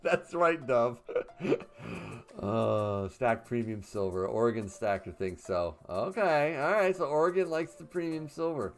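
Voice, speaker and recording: A man in his fifties hosts a casual livestream, reading questions from chat out loud and answering them in a chatty style full of fillers and laughter. His mid-range voice swings widely in pitch, and he speaks a little slowly.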